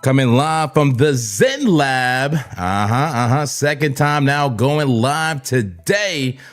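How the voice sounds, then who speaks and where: A man from New Jersey with a Jersey accent, hosting a live trading stream, hyped and repetitive, giving shout-outs and laughing often. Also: medium pitch, animated, slow, faint music behind. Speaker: crypto trading livestream host. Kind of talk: live-stream chat and market talk.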